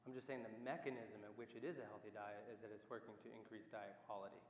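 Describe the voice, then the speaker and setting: A man's voice: fairly low pitch, steady tone, fast, slight background noise. Man speaking in an echoey hall. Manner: hesitant, frequent "uh" fillers. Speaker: conference speaker. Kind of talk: academic talk and Q&A. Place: conference hall.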